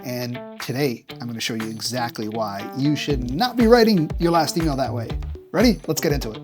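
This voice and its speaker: A man's voice: medium pitch, lively intonation, brisk, over music. A man presenting a business tutorial straight to camera, direct and punchy, acting out examples along the way. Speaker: marketing executive presenting a tutorial.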